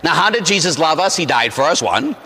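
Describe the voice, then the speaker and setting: Lively priest preaching in an echoing church. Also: male voice, on the high side, fairly quick, husky. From Pittsburgh, USA. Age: 40s. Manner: animated storytelling with rhetorical "huh?" tags. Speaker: Catholic priest. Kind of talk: sermon.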